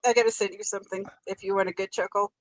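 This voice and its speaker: A woman co-hosting a podcast in casual chat, upbeat and quick to laugh. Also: medium pitch, flat delivery, no room sound. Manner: chatty, laughs easily, upbeat. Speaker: podcast co-host.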